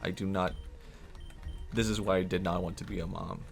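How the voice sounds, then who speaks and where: A man's voice: deep voice, fairly even intonation, moderate pace, creaky, soft background music. Brief: an exasperated mother bird, sighing and weary, played by a man.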